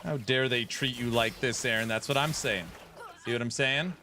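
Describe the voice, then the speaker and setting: Bright-voiced joking male game streamer. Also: medium pitch, normal speed, slight background noise. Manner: joking, teasing banter while playing. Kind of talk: live gaming stream chat.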